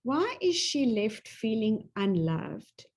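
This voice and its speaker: Middle-aged woman presenting, real slow, husky voice. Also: on the high side. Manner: slow and expressive. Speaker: co-host and presenter. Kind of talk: presenting talk.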